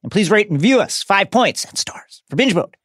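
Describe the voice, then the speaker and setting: A man's voice: sits high, fairly quick, breathy edge, no room sound, studio quality. A man co-hosting a podcast in casual banter, joking and laughing often. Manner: jokey, animated, laughs often. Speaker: podcast co-host.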